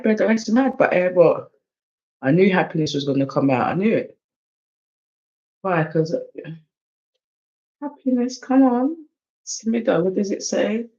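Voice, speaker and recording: A man's voice: fairly high pitch, darkish tone. Slangy English man, dull lo-fi sound. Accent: English, London slang. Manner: loose, slangy, swings between hype and mumbling. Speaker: oracle card reader. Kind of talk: casual tarot-style card reading.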